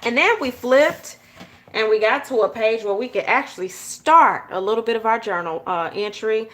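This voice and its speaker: A woman's voice: fairly high pitch, expressive, normal speed, a bit bright. A woman from Georgia with a Southern accent, hosting a casual journal-with-me tutorial and chatting straight to her viewers. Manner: chatty, talks straight to viewers with frequent "y'all" and "okay?". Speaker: journaling channel host.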